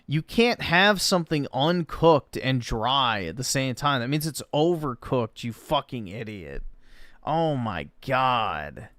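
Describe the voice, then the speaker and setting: A man's voice: medium pitch, very animated, takes it slowly, fairly bright tone, dry recording. A man reacting to a video, sarcastic, profane and exasperated. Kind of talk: mocking reaction commentary.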